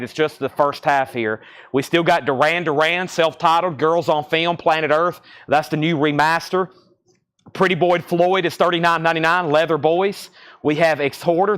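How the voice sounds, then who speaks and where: A man's voice: on the high side, a bit bright. A man with a Southern US accent hosting a live record sale, rattling off titles, conditions and prices. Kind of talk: live-stream auctioneering. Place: record shop.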